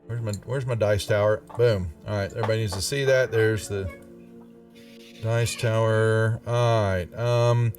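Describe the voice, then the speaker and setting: A man running a tabletop game as game master, chatty and quick to laugh, often stopping to restart his sentences. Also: on the low side, fairly even intonation, a little mellow, recorded from a distance, soft background music.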